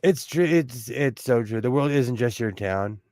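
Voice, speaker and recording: Speaking a little slowly with a medium, somewhat dark and expressive voice, a Southern Californian co-host chats casually on a livestream. Jokes and frequent laughter fill his talk, and he tends to drift off mid-thought and restart. There's no echo on the recording.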